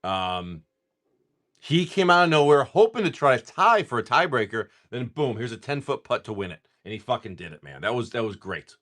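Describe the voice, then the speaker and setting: During a laid-back morning livestream, a man opens card packs and calls out viewers by name. His speech comes in quick, animated bursts with lots of pitch movement, and he swears casually throughout.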